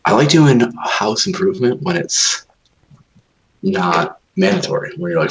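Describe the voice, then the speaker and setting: A man's voice: on the low side, sing-song, moderate pace, vocal fry, background noise. A man co-hosting a podcast, telling rambling, profanity-laced stories in casual chat. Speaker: podcast co-host.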